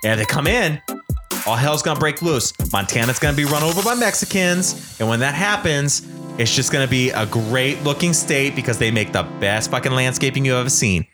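A drunk man doing an impression of a boastful older male politician, piling up superlatives in slow, drawn-out phrases. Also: medium pitch, expressive, over music, lightly acted. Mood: blustering.

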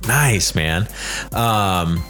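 A man's voice: low-pitched, lively intonation, drawn-out words, bright, forceful tone, soft background music. A young man co-hosting a podcast, chatting casually, swearing, laughing and trying out impressions. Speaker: podcast co-host. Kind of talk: casual chat.

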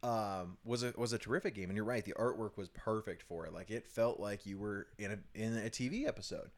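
A man's voice: lowish voice, a little fast. A man in his thirties co-hosting a casual chat about video games, laughing often and talking loosely with many ums and restarts. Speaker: co-host of a gaming video series.

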